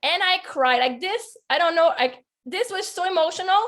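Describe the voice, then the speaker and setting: A woman's voice: extremely high pitch, animated, normal speed, fairly bright tone. A woman life coach telling a personal story on a video call, earnest and heartfelt, talking with lots of "like" fillers.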